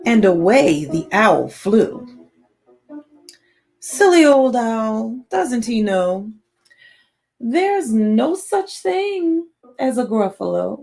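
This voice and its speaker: A woman's voice: a little high, very animated, very slow, gravelly, pauses often, a little mellow, faint music behind. A woman teacher reading a picture book aloud to children, playful, with laughing asides.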